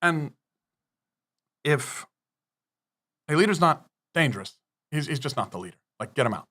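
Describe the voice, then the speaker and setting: Male podcast guest, a bit high-pitched, emphatic and profane, lecturing style. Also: lively intonation, moderate pace, sharp tone. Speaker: business guest. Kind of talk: podcast interview.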